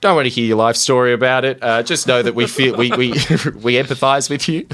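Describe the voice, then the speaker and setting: A man's voice: medium pitch, a little fast, a bit bright. A man hosting a casual podcast, telling history with jokey, mock-solemn asides. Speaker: podcast host. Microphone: studio mic.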